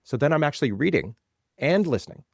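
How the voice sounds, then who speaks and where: A man's voice: a little high, big pitch swings, fast, vocal fry, no room sound, clean studio sound. A man being interviewed as a legal tech guest, explaining ideas in a conversational way and building points by repeating phrases.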